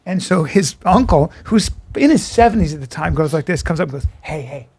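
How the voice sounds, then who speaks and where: High-voiced man telling a rowdy story. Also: a little fast, breathy edge. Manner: animated, profane, does voices of people in his stories. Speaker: podcast co-host. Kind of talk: casual storytelling chat.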